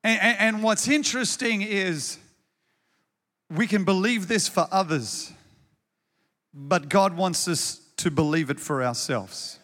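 Bright-voiced male pastor preaching. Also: high voice, takes it slowly, big-room sound. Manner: conversational, repeats words when starting a thought. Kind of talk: sermon.

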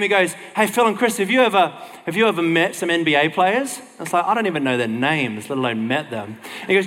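Animated man telling a story. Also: fairly high pitch, long reverb tail. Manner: animated, acts out the people in his story. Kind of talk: casual storytelling.

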